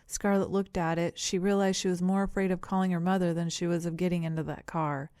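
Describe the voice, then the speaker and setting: In a lowish register, a woman reads scripted audiobook narration with a steady, measured storytelling delivery. The sound is clean studio audio, free of echo.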